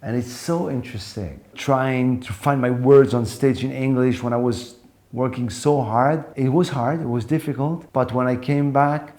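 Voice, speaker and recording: Man telling animated stories. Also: medium pitch. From Morocco. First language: French. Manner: animated, acts out quoted voices. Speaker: guest comedian. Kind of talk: interview storytelling.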